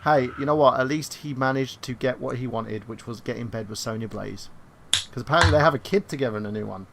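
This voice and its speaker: A man's voice: mid-range voice, quick pace, gravelly, a little hiss or hum. A man co-hosting a casual podcast chat who rambles, stammers and reads chat comments aloud. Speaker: podcast co-host.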